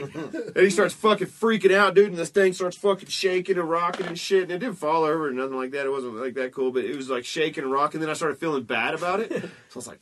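A man's voice: fairly high pitch, fast, a bit bright. A man from Texas, telling a profane story with lots of "uh" and "man". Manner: loose, profane, drawling fillers like uh and man. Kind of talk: casual storytelling chat.

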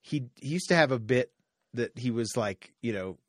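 A man's voice: mid-range voice, animated, normal speed, no room sound. A man co-hosting a podcast in a studio, chatting casually in a playful, rambling way. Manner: rambling, playful, restarts sentences, slips into joke accents. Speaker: podcast co-host. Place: recording studio. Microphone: studio microphone.

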